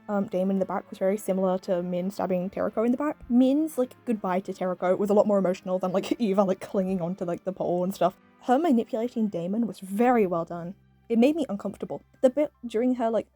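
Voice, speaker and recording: Fast-talking British woman, chatty. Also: medium pitch, dark tone, soft background music. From Britain. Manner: rambling, peppered with "like" and "um", laughs often. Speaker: video reviewer. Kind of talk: casual chatty review.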